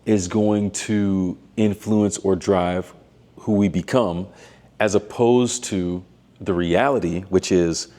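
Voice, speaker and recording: A man with a low, mellow voice gives a reflective talk on faith. He speaks in a thoughtful, measured way, pausing on fillers and restarting his sentences as he works through an idea. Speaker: doctoral student and missionary vlogger.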